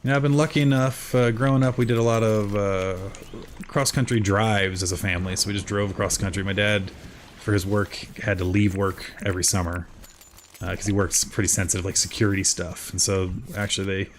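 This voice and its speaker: Chatty South Jersey gamer dad, low voice. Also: male voice, a little fast, a little hiss or hum. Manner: chatty, rambling, lively with sudden high jumps. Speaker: streamer. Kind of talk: casual gameplay chat with chat readers.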